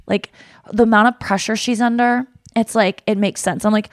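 A woman hosting a podcast in casual chat, animated and self-mocking, swearing freely. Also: mid-range voice, normal speed, no echo, clean studio sound. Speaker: podcast host.

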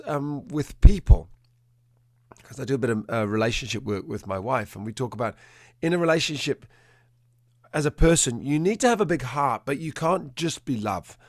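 A man, a dog trainer, telling a story in an animated way and acting out the quotes in a changing voice. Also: fairly high pitch, no echo, clean studio sound. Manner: animated, acts out quotes in a shifting voice. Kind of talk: conversational storytelling.

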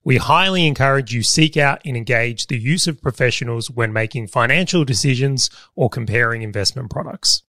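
A man's voice: medium pitch, brisk, bright, forceful tone, no echo. A man co-hosting a business podcast, explaining ideas step by step in an analytical way. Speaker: podcast co-host. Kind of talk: casual business podcast chat.

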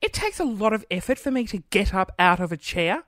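A thirty-year-old woman rants through a casual podcast monologue at a fairly quick pace, exasperated, swearing freely, and acting out little scenes. Her pitch swoops up and down with lively animation, and the close, dry recording was made at home beside her computer.

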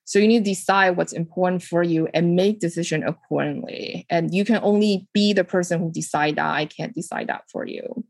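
A woman with a fairly low voice hosts a casual advice podcast, answering listener questions in a lively, chatty way. She leans on "like" and "you know" and makes small grammar slips. The sound is dry and close to the mic. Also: brisk, few pauses, dry recording. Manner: lively, animated delivery with frequent "like" and "you know". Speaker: podcast host and home staging business owner.

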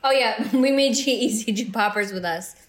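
A woman's voice: a little high, moderate pace. A woman co-hosting a podcast, chatting and gossiping casually with some swearing. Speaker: podcast co-host. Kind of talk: casual chat. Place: backstage room.

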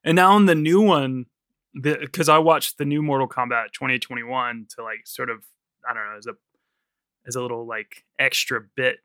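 A man's voice: mid-range voice, fairly even intonation, normal speed, bright, forceful tone, smooth, no room sound, studio quality. A man co-hosting a film podcast, telling behind-the-scenes trivia in casual, swearing chat. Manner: swearing, laughs often, tells production trivia. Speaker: podcast co-host.

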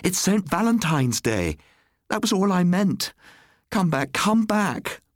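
A man's voice: lively intonation, normal speed, no echo, clean studio sound, natural voice. A man voicing a bitter, furious Victorian mother who cuts with threats and rises to desperate cries. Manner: shrill, cutting threats rising to desperate cries.

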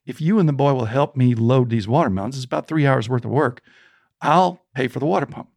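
An easygoing young cowboy, folksy and relaxed, voiced by a storyteller. The voice has a gravelly edge and a dry, close sound. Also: male voice, mid-range voice, brisk, no room sound. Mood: friendly.

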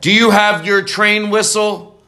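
A man hosting a podcast in excited casual chat, rambling and jumping up in pitch. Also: unhurried. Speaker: podcast host.

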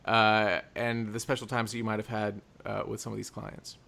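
A man's voice: on the low side, level tone, normal speed, gravelly, pushed and bright. A man hosting a podcast, asking about and wrapping up the conversation with upbeat enthusiasm. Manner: enthusiastic, thankful, upbeat wrap-up. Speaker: podcast host. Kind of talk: casual interview chat.

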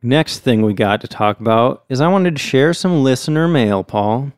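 A man hosts a podcast, chatting in a friendly, easygoing way. His voice is smooth and clear, at a middling pitch. The recording is dry and close. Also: animated, moderate pace, dry recording. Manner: friendly, chatty, hedging with fillers. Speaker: podcast host. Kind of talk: casual chat.

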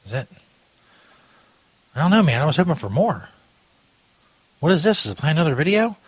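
Husky, crude male podcast host. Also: on the high side, very animated, dry recording. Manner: rambling, crude, quick to laugh at his own jokes. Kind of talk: casual commentary chat.

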